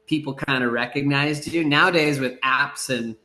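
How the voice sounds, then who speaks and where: A middle-aged man chatting as a podcast guest, telling rambling, relaxed stories with many fillers and acted-out quotes. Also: mid-range voice, moderate pace, roomy sound. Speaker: surf broadcaster, podcast guest. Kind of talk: casual storytelling in a podcast interview.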